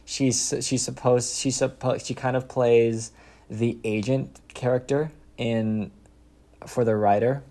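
A young man chatting casually in an interview, rambling and restarting with quick laughs. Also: medium pitch, little pitch movement, warm tone. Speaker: content creator making comedy skits.

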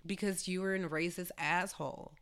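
A woman's voice: fairly low pitch, normal speed, clear, resonant tone. A young woman guest on a casual podcast, telling stories with lots of fillers and swearing. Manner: animated storyteller, swears freely, many fillers. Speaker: guest, cannabis entrepreneur.

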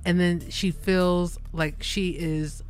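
A woman's voice: on the low side, steady tone, slow, a little mellow, smooth. A woman playing a lyrics quiz in casual chat, hesitant and unsure as she guesses. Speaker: quiz contestant.

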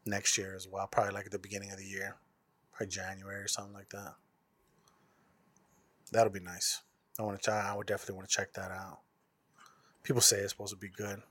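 A man's voice: sits low, monotone, fast talker, pauses often, bright, forceful tone. A man hosting a podcast in casual chat, rambling and swearing in loose slang. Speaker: podcast host.

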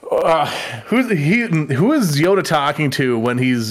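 A man co-hosting a casual livestream chat, laid-back and quick to laugh. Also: on the high side, sing-song. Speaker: podcast co-host.

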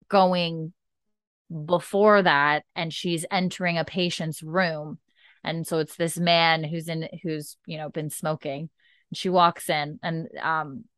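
A woman's voice: deep voice, clear, resonant tone, no echo. A young adult woman in casual podcast chat, recapping a show and acting out the characters' lines as she goes. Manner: animated retelling, acts out the characters' lines. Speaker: podcast co-host recapping an episode.

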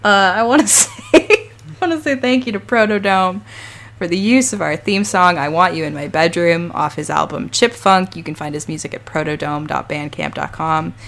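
A woman co-hosting a podcast in casual, candid chat, her voice low and gravelly this week. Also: normal speed, a bit bright, a little hiss or hum. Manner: chatty and candid. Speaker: podcast co-host.

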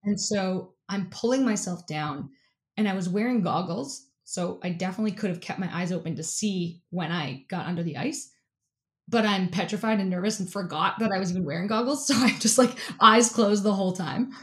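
An athlete and keynote speaker, appearing as an interview guest, tells a story in an animated, casual way, saying "like" over and over and laughing often. Her voice is at a middle pitch for a woman, and she talks a little fast.

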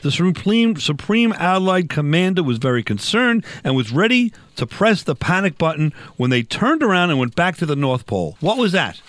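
A man's voice: fairly high pitch, big pitch swings, normal speed, hardly any pauses, a bit bright, no echo. A man hosting a casual talk show, rambling and correcting himself with jokey asides. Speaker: show host.

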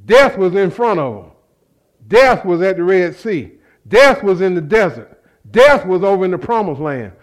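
A man's voice: sits high, sing-song, normal speed. A man preaching a sermon in a fervent, conversational way, repeating phrases and calling out to the congregation. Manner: fervent, conversational preaching with repetition and call-and-response.

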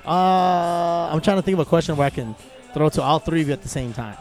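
A man's voice: fairly high pitch, brisk, darkish tone, soft background music. A young man hosting a casual podcast chat, laid-back and profane. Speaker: podcast host.

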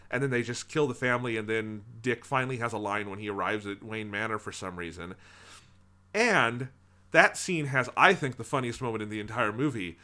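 Bright-voiced man riffing on a film. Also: mid-range voice. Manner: animated, swearing, acts out movie lines. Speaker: podcast co-host. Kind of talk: casual film review chat.

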